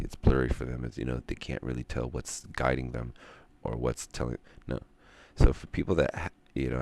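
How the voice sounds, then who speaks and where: A man streaming, talking in a rambling monologue and ranting with drawn-out pauses. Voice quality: very deep gravelly voice.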